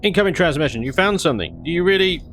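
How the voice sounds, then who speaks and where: A man's voice: fairly high pitch, animated, fast talker, fairly bright tone, soft background music, voice pushed up. A man voicing a pompous alien commander who pretends to be a human admiral, speaking in a stiff, overly formal way. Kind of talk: reading in-game dialogue aloud in a voice.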